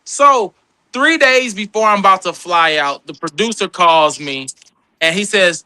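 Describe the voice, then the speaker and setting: A man in his thirties with a high, bright voice tells stories as a podcast guest. He acts out the people in them with lively voices. The sound is dry and close, with no room around it. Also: normal speed, dry recording. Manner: animated, acts out quoted people in a higher voice. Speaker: guest comedian and actor. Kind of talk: storytelling in a casual podcast chat.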